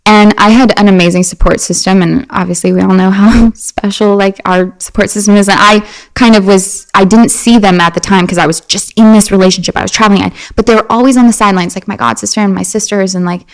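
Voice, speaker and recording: A woman guest on a podcast, chatting casually and telling animated personal stories with many fillers and restarts. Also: mid-range voice, fast, few pauses, low-quality recording. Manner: animated storyteller. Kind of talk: casual chat.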